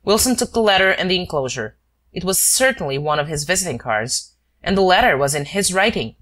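Woman narrating an audiobook, lively. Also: lowish voice, fairly quick. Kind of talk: scripted narration.

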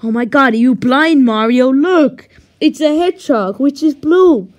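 A woman voicing Luigi, an excitable, teasing male plumber, in a homemade toy skit, exclaiming loudly. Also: high voice, unhurried. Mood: excited.

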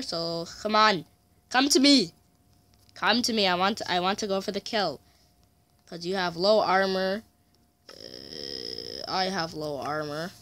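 A man doing casual let's play commentary, chatty, muttering frustration and taunting and yelling challenges at opponents. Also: high-pitched. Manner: mutters frustration, mild swearing. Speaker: gamer.

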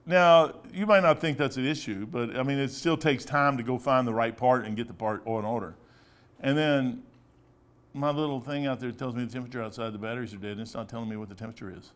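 Talking fast in a mid-range voice, a Midwestern American pastor in his sixties gives a rambling, folksy sermon built on stories and asides.

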